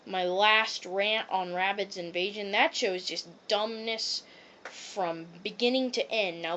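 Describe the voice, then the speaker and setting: A woman's voice: on the high side, fairly bright tone, slight background noise. A woman giving a rambling, casual rant review of a cartoon, full of "um" and "like" fillers.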